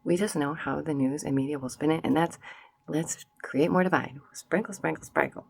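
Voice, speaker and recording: A woman's voice: low-pitched, normal speed, vocal fry, darkish tone, husky. A woman vlogger giving sassy casual commentary straight to her viewers, slipping into mocking voices.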